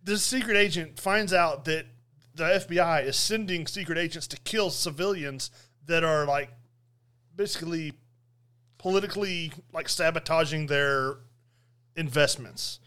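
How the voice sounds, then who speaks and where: A man's voice: a little high, measured pace, bright, forceful tone, smooth. A man in casual podcast chat, rambling through a movie plot recap with fillers and laughs.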